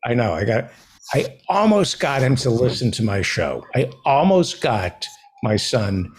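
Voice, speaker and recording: A man's voice: mid-range voice, very animated, a little slow, husky. Chatty male talk show host. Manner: chatty, repeats and spells out plugs. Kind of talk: casual comedic talk show banter.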